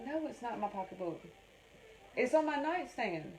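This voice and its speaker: A woman's voice: on the high side, very animated, moderate pace, a little hiss or hum, poor audio. Chatty North Carolina woman. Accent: North Carolina Southern. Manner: chatty, rambling, keeps calling viewers "y'all" and reading out their comments. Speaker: crafting livestream host. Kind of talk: casual live-stream chat.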